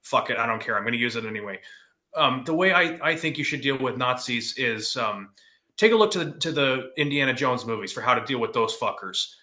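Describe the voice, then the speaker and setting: A man's voice: mid-range voice, lively intonation, brisk, pushed and bright. A young man from California, a podcast guest, talking bluntly and profanely in casual chat with stammered restarts. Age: young adult.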